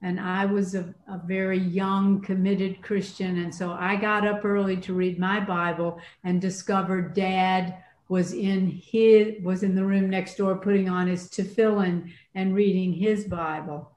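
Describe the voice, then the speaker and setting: A woman's voice: medium pitch, a little slow, few pauses, a little hiss or hum. Older woman priest in an echoey room. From Atlanta, USA. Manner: storytelling, animated with laughs. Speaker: priest and former university chaplain. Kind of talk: conversational reflection. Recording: roomy echo.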